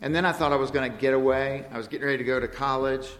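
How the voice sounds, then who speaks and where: A man's voice: medium pitch, fairly even intonation, rapid-fire, fairly bright tone. A man preaching a storytelling sermon in a church, playful and laughing at his own jokes. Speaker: guest preacher. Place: church sanctuary. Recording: echoey church hall.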